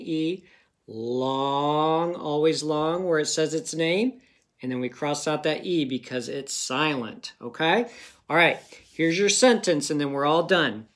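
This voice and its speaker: A man's voice: a little high, fairly bright tone. A man teaching a phonics lesson to young children in a patient, encouraging manner.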